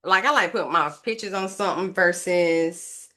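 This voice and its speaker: A woman's voice: fairly low pitch, normal speed, bright, forceful tone. A woman casually narrating a craft tutorial, thinking aloud and rambling to her viewers as she works. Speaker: craft vlogger.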